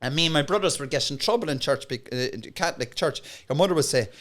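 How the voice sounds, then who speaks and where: Animated high-voiced Cork man. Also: fast. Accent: Cork Irish. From Cork, Ireland. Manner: animated, acts out voices in his stories. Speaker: guest comedian. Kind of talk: casual storytelling.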